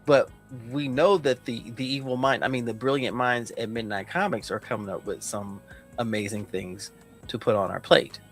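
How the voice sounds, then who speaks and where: A man co-hosting a casual comic review podcast, animated and profane, acting out characters as he talks. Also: mid-range voice, moderate pace, soft background music. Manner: animated, profane, acts out characters mid-story. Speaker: podcast co-host.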